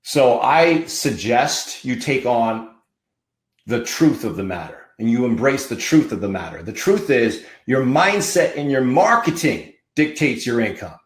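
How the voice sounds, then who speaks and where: A man's voice: mid-range voice, expressive, measured pace, echoey room. A man hosting a podcast as a marketing coach, giving a fiery, preachy motivational talk full of punchy repeated slogans.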